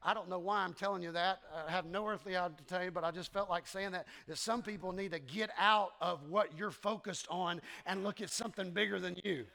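A man preaching a sermon, animated and repetitive, leading the congregation in call-and-response in a church. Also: high voice, brisk, creaky, few pauses. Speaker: pastor. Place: church sanctuary.

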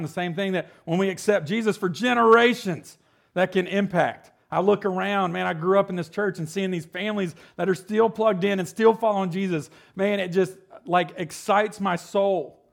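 Gravelly-voiced man in his forties preaching. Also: on the high side. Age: 40s. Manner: conversational, joking, asks "right?" often. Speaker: pastor. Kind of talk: sermon.

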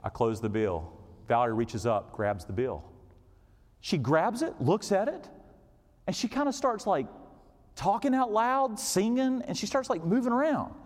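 A middle-aged man preaching a sermon as a story, swinging from hushed, low passages to loud, excited ones. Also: a little slow. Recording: long reverb of a large hall.

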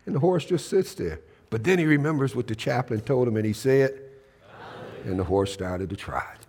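A man's voice: mid-range voice, animated, darkish tone, breathy edge, in a large hall. A man preaching a Pentecostal sermon in a church. He tells stories and draws out emphatic phrases, and he calls on the congregation to answer back. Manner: storytelling, drawn-out emphatic phrasing. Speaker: pastor. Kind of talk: Pentecostal sermon with call-and-response.

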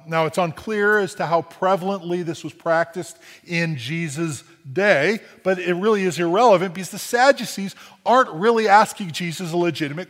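A man's voice: on the high side, a bit bright, big-room sound. A man preaching a sermon in a conversational way, often asking "right?" and restarting phrases, with dry humor. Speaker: pastor.

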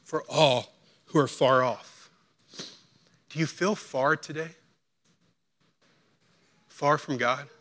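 A man preaching a sermon as pastor, acting out quotes and swinging between hushed, slow lines and loud, urgent ones. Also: fairly high pitch, fairly even intonation.

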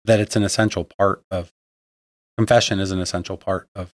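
Brief: man with a low voice, thinks aloud, conversational faith talk, dry close sound. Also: fairly even intonation, brisk, dry recording. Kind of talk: casual conversation about faith.

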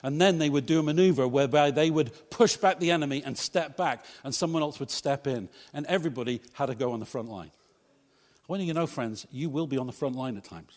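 A man's voice: medium pitch, fairly quick, a little mellow, long reverb tail. A male pastor preaching a sermon in a church, talking conversationally and joking with the congregation. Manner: conversational, humorous asides to congregation. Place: church hall.

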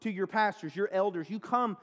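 A male pastor giving a sermon, earnest, slowing down and pausing to stress key phrases. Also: sits high. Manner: earnest preaching, pauses and slows down on key phrases. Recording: long reverb of a large hall.

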